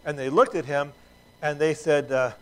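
Middle-aged preacher man, slightly high voice. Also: steady tone, moderate pace, a bit bright, clean tone, poor audio. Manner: conversational, with asides and restarts, rising to emphatic peaks. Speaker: pastor. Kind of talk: sermon.

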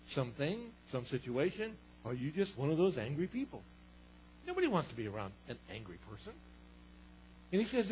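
A man's voice: sits high, highs cut off, slight background noise. A man preaching a sermon as pastor, conversational, asking the congregation rhetorical questions.

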